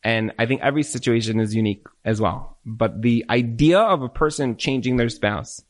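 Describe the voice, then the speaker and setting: A man answering marriage questions in a live Q&A, animated, full of restarts, acting out spouses' complaints. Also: mid-range voice, moderate pace. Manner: animated, repetitive restarts, acts out quoted spouses. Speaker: relationship speaker. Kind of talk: Q&A talk to a live group.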